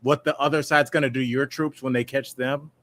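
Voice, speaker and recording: A man's voice: medium pitch, steady tone, fairly quick, a bit bright. Rambling jokey male podcast co-host. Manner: rambling, jokey, mimics tough guys. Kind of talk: casual comedic news chat.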